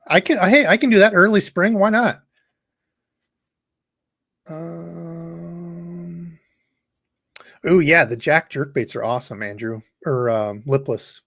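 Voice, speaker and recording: A man's voice: a little high, creaky, a bit bright, slightly rough, dry recording, studio quality. A man hosting a fishing livestream, rambling casually and reading viewer comments aloud. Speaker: fishing channel host.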